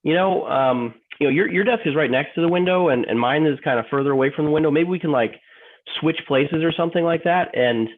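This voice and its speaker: A man's voice: on the high side, a little fast, natural voice. A man playing an emotional office worker in a training role-play, stammering, repeating himself and apologizing over and over. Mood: hopeful. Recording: tinny phone-like line.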